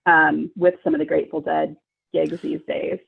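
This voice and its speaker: Gravelly young woman on a tinny call line. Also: low voice, little pitch movement, moderate pace. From Long Beach, California. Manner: rambling, hesitant, full of "like" and "um". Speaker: podcast guest. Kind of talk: casual chat. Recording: phone-like remote call line.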